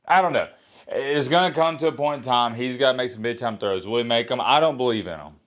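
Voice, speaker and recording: A man's voice: medium pitch, fast, fairly bright tone. Blunt, rambling man ranting about football. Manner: blunt, opinionated, self-mocking; rambling with restarts. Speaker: college football YouTuber. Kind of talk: casual sports reaction rant.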